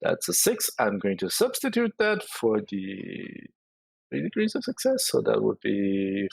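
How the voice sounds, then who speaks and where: An excitable tabletop player with a gravelly, husky voice that swings up and down in pitch, full of playful sound effects. The sound is dry and close. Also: unhurried, no echo. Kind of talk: casual tabletop game chat.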